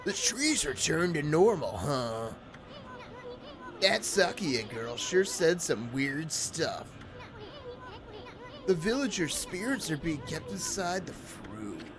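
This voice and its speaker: A woman's voice: sits low, very animated, exaggerated voice. A woman voicing a boastful, sleazy little male bug artist in a video game. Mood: cocky. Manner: boastful, brash, fast-talking. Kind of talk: reading game dialogue aloud. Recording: game music behind.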